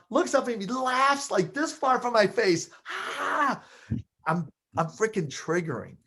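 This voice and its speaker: Animated man telling a story. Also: a little high. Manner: animated, builds excitement, acts out scenes. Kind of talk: storytelling anecdote.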